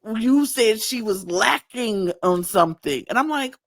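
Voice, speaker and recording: A woman co-hosting a casual podcast that recaps reality TV, talking in an animated way and firing off incredulous rhetorical questions. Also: a little high, measured pace. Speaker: podcast co-host.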